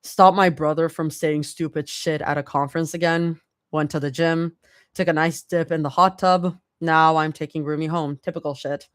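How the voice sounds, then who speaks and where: Brief: low, deadpan young woman, as a woman reader puts her on, dry delivery. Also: normal speed, clear, resonant tone, no room sound, natural voice. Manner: flat, blunt. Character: flat, dry-humored young woman driver.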